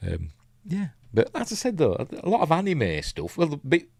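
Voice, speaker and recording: A man's voice: a little high, wildly swooping pitch, moderate pace, gravelly, a little mellow, no room sound, clean studio sound. A man with a Yorkshire accent hosting a casual live film commentary, rambling and hesitant with lots of ums and restarts, chuckling at his own asides. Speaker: film reviewer hosting a live watch-along.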